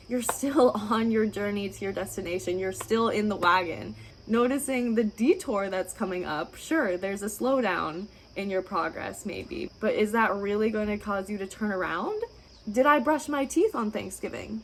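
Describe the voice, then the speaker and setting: A woman's voice: mid-range voice, moderate pace, a little hiss or hum, poor audio. A woman dietitian giving advice straight to camera in an encouraging, reassuring way, asking plenty of rhetorical questions. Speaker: registered dietitian. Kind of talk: direct-to-camera advice talk.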